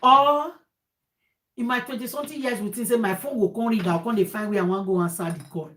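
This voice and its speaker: A woman's voice: on the high side, fairly quick, fairly bright tone, a little hiss or hum. A woman, giving casual relationship advice in an emphatic, repetitive way and slipping into pidgin. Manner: emphatic, repeats phrases, switches into pidgin. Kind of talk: casual monologue.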